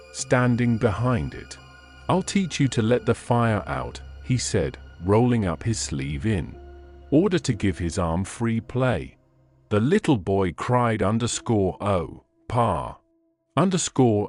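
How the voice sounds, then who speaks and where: A man's voice: on the low side, a little mellow. A man reading classic fiction aloud as an audiobook narrator, telling the story expressively.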